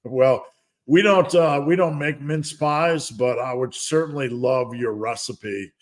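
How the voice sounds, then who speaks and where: A middle-aged man hosts a live fitness Q&A stream, answering viewers in a loose, rambling way. He talks at an ordinary middle pitch and drifts into asides, often laughing at himself. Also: takes it slowly. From United States. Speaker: fitness coach and livestream host. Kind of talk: casual livestream Q&A.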